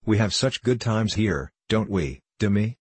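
A man's voice: on the low side, lively intonation, measured pace, a little mellow, slightly rough, no echo. A man voicing a sweet, affable little girl who speaks eagerly.

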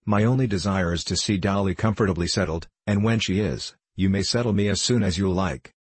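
A man's voice: deep voice, fairly quick, slightly rough, dry recording. A man reading the part of a self-pitying, reproachful middle-aged wife in a storybook. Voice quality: complaining, reproachful.

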